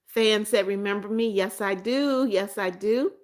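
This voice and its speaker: An unhurried, mid-range female voice belongs to a middle-aged livestream host from the United States. Chatting casually, she reads comments from viewers aloud and keeps repeating their greetings and names.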